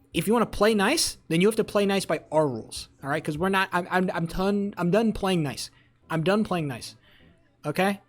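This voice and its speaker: A live streamer in a casual political rant, heated and profane, repeating phrases for emphasis and answering chat. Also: medium pitch. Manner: talks back to chat messages.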